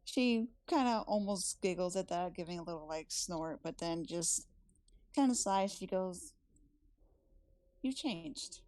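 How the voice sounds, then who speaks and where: A woman's voice: lowish voice, a little slow, dark tone, dry recording. A woman playing a tabletop role-playing game, casually narrating what her character does. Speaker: player.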